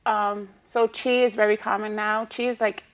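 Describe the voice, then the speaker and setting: A woman who is a licensed acupuncturist, a guest on a TV talk show, calmly explaining her practice. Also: medium pitch, moderate pace. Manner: calm, explanatory, with frequent "um" and "you know". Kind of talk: explaining in an interview.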